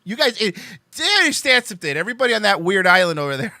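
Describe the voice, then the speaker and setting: Animated high-voiced male streamer. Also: quick pace, few pauses, no room sound, studio quality. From Cuban heritage. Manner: rambling, profane, joking, laughs often. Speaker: livestream host. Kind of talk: casual live-stream chat with viewers.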